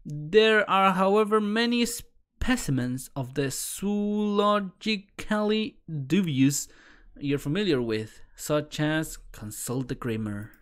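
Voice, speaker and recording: A man's voice: sits high, lively intonation, slow pace, a bit bright, clean tone. A man streaming as he reads a webcomic aloud in a casual way, tripping over words, restarting, laughing and swearing as he goes.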